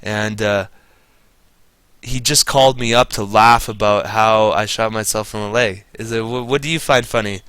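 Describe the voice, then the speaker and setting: Male gamer, bitter rambling storyteller, bright edge, dry recording. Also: lowish voice, fairly even intonation, moderate pace, smooth, dry recording. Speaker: gamer telling stories. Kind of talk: casual commentary over gameplay.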